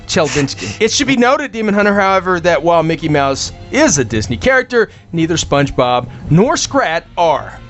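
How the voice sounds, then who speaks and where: A man's voice: a little high, very animated, normal speed, few pauses, a bit bright. A man co-hosting a comedic podcast, joking and laughing as he reads out odd news stories. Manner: jokey, laughing while reading news stories. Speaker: co-host. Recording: dull lo-fi podcast audio with faint music.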